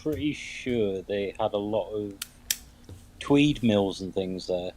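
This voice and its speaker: A man's voice: fairly low pitch, takes it slowly, darkish tone, slight background noise. Easygoing British man in casual chat.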